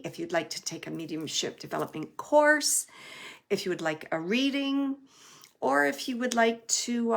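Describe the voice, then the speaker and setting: Woman medium giving a live reading: chatty, lots of fillers, medium pitch, now and then dropping to a soft hush. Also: gravelly. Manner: chatty, relaying messages with many fillers; drops to a soft hush at times.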